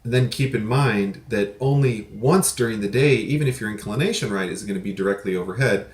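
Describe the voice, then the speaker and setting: Recorded on a desk mic with a bit of feedback, this prepper channel host talks a little quickly in a fairly low voice that echoes in the room. His casual video reply wanders and self-corrects, dotted with casual cursing.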